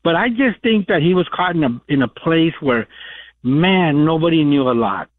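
A man calls in to a radio show, talking chattily and rambling with lots of fillers. His voice is on the high side and animated, at a moderate pace, coming through a tinny phone line.

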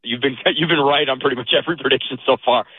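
A man's voice: medium pitch, quick pace, slightly rough, no echo. A man calling in to a sports radio show, eager and hesitant with many fillers, heard over a phone line. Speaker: caller. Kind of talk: call-in chat.

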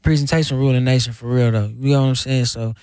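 A man chats as a guest on a radio show, loose and conversational. His voice is mellow and smooth, recorded close and dry. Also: medium pitch, very fast, no room sound. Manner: relaxed, repeats "you know what I'm saying". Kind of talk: casual interview chat.

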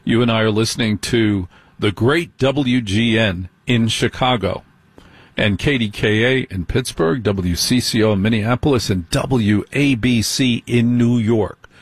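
A man's voice: medium pitch, measured pace, breathy edge, dry recording. A middle-aged man hosting a late-night radio talk show, speaking in a conversational way, repeating phrases for emphasis and putting questions to his listeners. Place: radio studio. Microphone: studio microphone.

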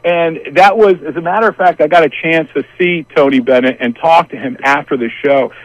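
A man in his sixties, a guest telling a family story in a rambling, animated way. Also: fairly high pitch, brisk, dry recording, poor audio. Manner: animated, acts out family members' voices; rambling with many restarts and asides. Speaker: interview guest. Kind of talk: casual storytelling.

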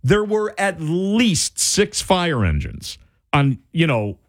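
Man, casual storyteller, lively swooping pitch, slightly high, dry close sound. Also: slow, dry recording. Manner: animated, wide-ranging delivery, lots of "like" and restarts.

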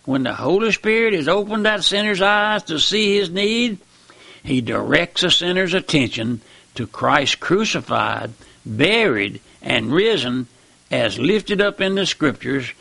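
Gravelly folksy preacher man. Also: a little high, very animated, unhurried, pushed and bright, no room sound. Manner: folksy, repeats phrases, earnest. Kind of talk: sermon.

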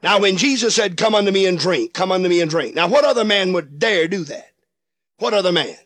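A man's voice: high voice, animated, fairly quick, fairly bright tone, no echo. A man preaching a sermon in an old-fashioned preacher's cadence, stretching out emphatic phrases and acting out the voices in the passages he quotes.

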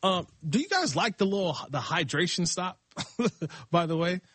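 A middle-aged man chats on a sports talk show, loose and easygoing, often laughing. His voice sits a bit high and husky. The sound is dry and close. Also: expressive, moderate pace, a bit bright, no room sound. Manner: laid-back, laughing, talks in loose restarts. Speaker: fill-in radio show host.

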